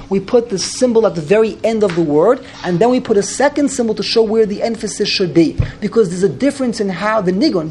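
A man's voice: sits high, creaky, a little hiss or hum. Casual male teacher, informal class, frequent restarts and repetitions. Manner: repeats words, restarts, demonstrates chanting. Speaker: Torah reading teacher.

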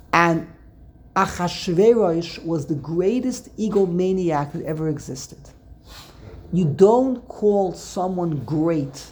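A man's voice: sits high, vocal fry, dark tone. Rambling man telling stories. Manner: rambling, repeats words, storytelling. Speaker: Torah class teacher. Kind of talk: casual Torah discussion.

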